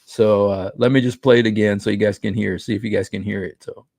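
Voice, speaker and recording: A middle-aged man excitedly retelling a street encounter in casual talk, laughing and restarting his sentences. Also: on the low side, fast talker, creaky. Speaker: street preacher recounting an outreach encounter. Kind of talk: casual talk over a played clip.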